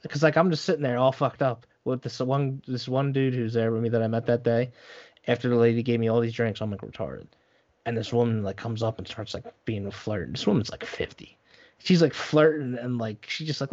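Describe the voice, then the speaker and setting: A man's voice: medium pitch, brisk, gravelly, darkish tone, muffled recording. A young man telling a long story in casual chat, rambling and profane, full of fillers.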